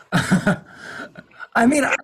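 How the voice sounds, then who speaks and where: A man's voice: very high voice, a bit bright, husky. A man in his forties, a podcast host, talking casually and rambling in a self-deprecating way, often laughing at himself, on a home studio mic. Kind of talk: casual conversation. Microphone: home studio mic with a makeshift sound booth.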